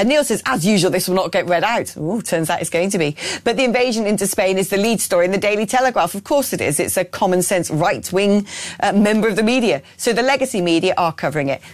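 A woman's voice: mid-range voice, lively intonation, quick pace, dry recording. A woman hosting a political talk radio show, opinionated and blunt, reading out listener messages with frequent ums and restarts.

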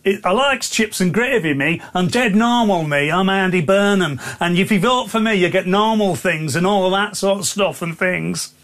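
A man voicing a dim, blokey northern male politician in a put-on northern English accent, slow and halting. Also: sits high, a bit bright, a little hiss or hum. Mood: mocking.

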